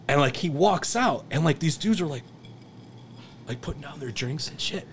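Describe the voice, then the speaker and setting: A man's voice: a little high, animated, moderate pace, slightly rough. A middle-aged man, a firefighter instructor, telling stories in a casual, rambling, profane way with lots of restarts. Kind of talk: casual storytelling.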